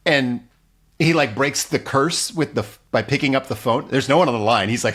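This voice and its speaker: Husky, lively man swearing through a recap. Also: on the high side, normal speed. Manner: blunt, profane, animated. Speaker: podcast co-host. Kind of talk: casual comedic recap chat.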